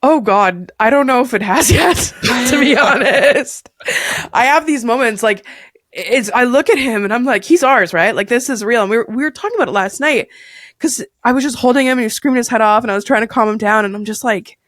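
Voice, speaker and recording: Young woman, podcast guest, animated storyteller who acts out quotes; higher voice, dry close sound. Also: fairly quick, no echo. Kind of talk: casual storytelling interview.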